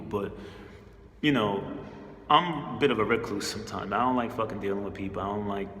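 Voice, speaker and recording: A man's voice: fairly low pitch, fairly bright tone, echoey room, long reverb tail. A man casually telling a personal story in a laid-back, slangy way, chuckling often. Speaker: spiritual channel host.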